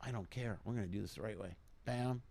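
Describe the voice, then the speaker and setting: A man's voice: on the low side, fast talker, gravelly, a little mellow. A man in his forties hosting a casual live stream, rambling with hype-man energy and lots of fillers. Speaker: show host.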